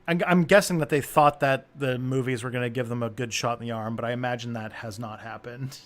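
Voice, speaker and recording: A man hosting a casual chat, relaxed and hesitant, often laughing as he speaks. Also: medium pitch, a little fast. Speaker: host.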